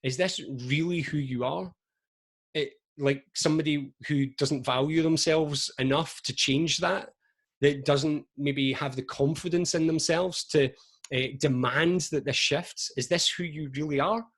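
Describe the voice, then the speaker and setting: A man in his forties, a motivational speaker, telling stories to camera on a video call in a chatty, lively way full of asides. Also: a little high, measured pace. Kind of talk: energetic motivational talk to camera.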